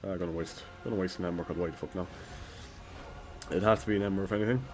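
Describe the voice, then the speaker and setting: A man's voice: sits low, very fast, darkish tone. A man streaming a game live, talking to himself and swearing in frustration, with game music behind him. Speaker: gaming streamer. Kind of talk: live gameplay commentary.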